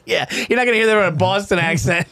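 A man's voice: high voice, rapid-fire, very noisy. A man co-hosting a podcast, joking and laughing through profane banter. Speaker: podcast co-host. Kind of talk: casual banter.

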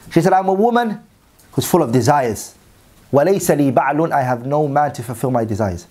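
A man's voice: a little high, lively intonation, racing, darkish tone. A man teaching a religious story as a sermon, reading Arabic passages and then translating and repeating them in English. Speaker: Islamic teacher.

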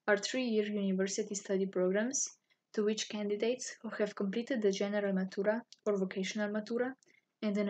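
Breathy-voiced woman. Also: medium pitch. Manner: formal, even-toned reading. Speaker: university student office staff. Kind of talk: scripted informational narration.

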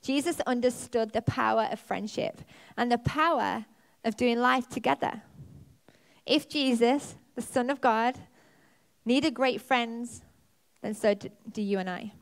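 A woman preaches to her church with a fairly high voice. She tells her story with animation, her pitch leaping as she relives the moments. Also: measured pace, gravelly. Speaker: pastor. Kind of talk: sermon. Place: church auditorium.

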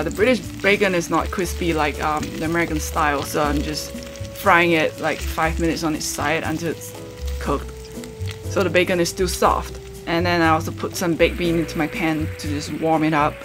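With faint background music behind her, a woman speaks in a low voice with fairly even intonation and a moderate pace. Cooking and eating breakfast in a casual mukbang-style chat, she addresses her viewers directly, asks them questions, and fills her talk with ums and uhs.

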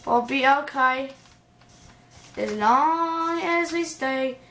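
A woman's voice: high voice, drawn-out words, bright, forceful tone. A woman giving playful let's-play commentary, chatting to game animals in a silly voice, in a roomy home recording with faint hiss. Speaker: gamer.

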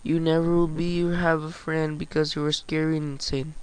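A man giving excitable gameplay commentary, swearing and reading game text aloud. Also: fairly high pitch, fairly quick, smooth. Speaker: gaming video host.

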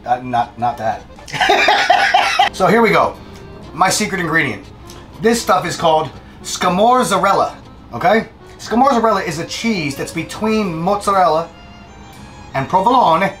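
A man walks through a recipe in a kitchen in a casual, plain-spoken way. His pitch swings a lot as he talks, and clear music plays behind him. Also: lively intonation, measured pace, pauses often, a bit bright. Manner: chatty, laughs easily, plain-spoken. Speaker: guest cook. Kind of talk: casual cooking demonstration.

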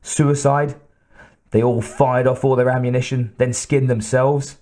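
Male narrator as hard-nosed homicide detective, audiobook, blunt and quietly menacing, dark mellow tone. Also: mid-range voice, flat delivery, unhurried, natural voice. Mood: grim.

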